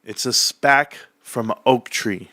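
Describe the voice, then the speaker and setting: Guy ranting live on stream, sarcastic and fired up, bright voice, pretty dry sound. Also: medium pitch, slow, dry recording. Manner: sarcastic, heated, emphatic. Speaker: livestream host reading chat. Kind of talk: live-stream rant about stocks.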